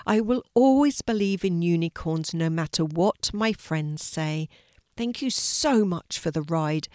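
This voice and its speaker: A woman's voice: lowish voice, lively intonation, a little slow, darkish tone, no room sound, clean studio sound. A woman doing a sweet, wide-eyed little girl. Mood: delighted. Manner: eager, wide-eyed and breathless.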